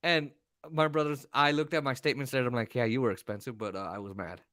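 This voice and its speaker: A man co-hosting a podcast, telling stories in a casual, profane, animated way. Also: medium pitch, fairly quick, no echo, clean studio sound. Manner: animated, profane, acts out voices. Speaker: podcast co-host. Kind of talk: casual storytelling chat.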